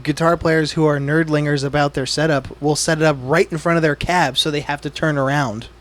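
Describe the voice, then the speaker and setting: A man's voice: on the high side, steady tone, brisk, fairly bright tone. A man chatting on a podcast, tossing in dry, wisecracking jokes. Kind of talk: casual podcast chat.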